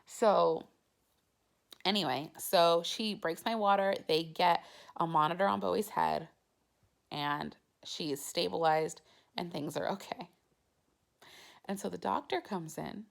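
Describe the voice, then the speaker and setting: A young woman vlogging about her own experience, chatty and casual, with "like" dropped into nearly every phrase. Her voice sits on the lower side for a woman. It has a steady gravelly fry running through it. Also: a little slow, pauses often. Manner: chatty, heavy use of "like" fillers. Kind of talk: casual personal storytelling.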